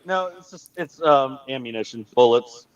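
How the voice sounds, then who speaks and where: A man with a Southern US accent, a panel guest joking deadpan in casual chat. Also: mid-range voice, moderate pace, highs cut off.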